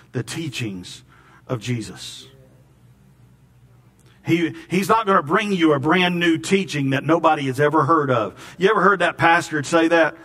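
A man's voice: a little high, fairly bright tone. A man preaching a sermon in a folksy, storytelling way, often repeating words. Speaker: pastor.

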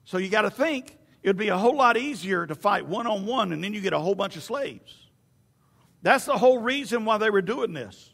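A man preaching a sermon, animated and storytelling, with stammered restarts. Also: high voice, a little fast, creaky, long reverb tail.

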